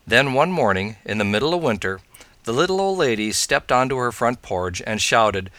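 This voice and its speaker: A man hosting a scouting show, calmly talking through advice and telling a joke story. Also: medium pitch, normal speed, no echo, clean studio sound. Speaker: scoutmaster, podcast host.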